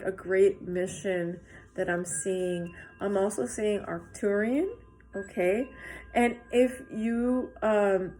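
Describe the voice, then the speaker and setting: A woman giving a spiritual tarot reading, talking straight to her viewers in a halting, earnest way with lots of fillers and restarts. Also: medium pitch, a little mellow, slight background noise. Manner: earnest and encouraging, addressing viewers directly. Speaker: tarot reader.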